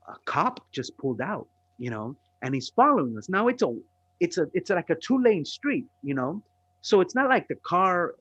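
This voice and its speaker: A man from the Los Angeles area spins a long, profane story on a comedy podcast. His voice is husky and his delivery rambles animatedly. The recording sounds a little dull and muffled. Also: medium pitch, no echo. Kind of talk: casual storytelling.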